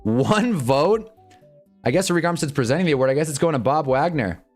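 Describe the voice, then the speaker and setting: Excitable young man live-streaming. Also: a little fast, faint music behind. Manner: excitable, swings between loud outbursts and low mumbling; profane, laughs often. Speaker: streamer reacting to awards show. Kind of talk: casual live-stream commentary.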